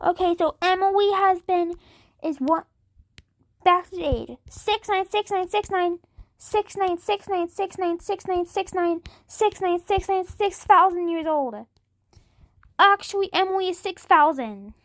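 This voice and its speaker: A woman playing a shrill, whiny kid sister. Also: measured pace, no room sound, studio quality. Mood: chatty. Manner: shrill and indignant. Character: bratty, whiny younger sister showing off her drawing. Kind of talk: POV skit role-play.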